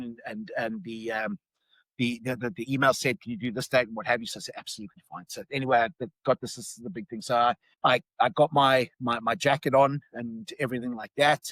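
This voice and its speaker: A man's voice: medium pitch, fairly bright tone, no echo, low-quality recording. A man with a South African accent telling a personal story casually, full of restarts and fillers. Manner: rambling, many restarts and fillers.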